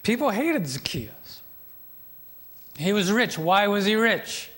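A man's voice: high-pitched, sing-song, slow pace, a bit bright. A middle-aged man preaching a sermon as pastor, retelling a story with joking asides to the congregation.

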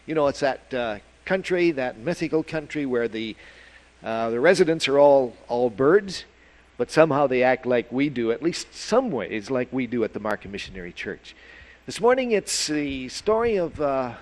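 A man telling a children's story at church, in a folksy, lively way with plenty of fillers. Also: medium pitch, moderate pace, rough recording.

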